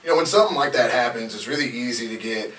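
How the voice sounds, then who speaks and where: A man's voice: medium pitch, quick pace, a bit bright. A man co-hosting a casual podcast, telling stories candidly and swearing freely. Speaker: podcast co-host. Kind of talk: casual chat. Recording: roomy echo, distant mic, faint hiss.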